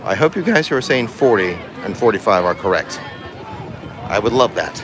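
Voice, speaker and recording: A man's voice: on the low side, very animated, normal speed, crowd noise. A man hosting a casual livestream from a theme park, chatting and joking with his viewers. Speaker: vlogger host. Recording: music playing clearly behind.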